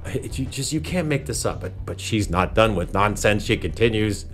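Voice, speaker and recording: A man's voice: lowish voice, animated, moderate pace, soft background music. A man hosting a reaction commentary show, talking in a sarcastic, exasperated way and addressing people as ma'am. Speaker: commentary channel host.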